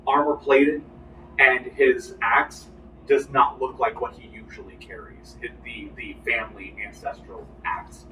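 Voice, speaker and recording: A man's voice: mid-range voice, unhurried, pushed and bright. A man leads a tabletop game, describing scenes and calling for dice checks and often restarting his phrases. His voice is distant and roomy, with a faint background hiss. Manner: descriptive narration with frequent restarts. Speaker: game master.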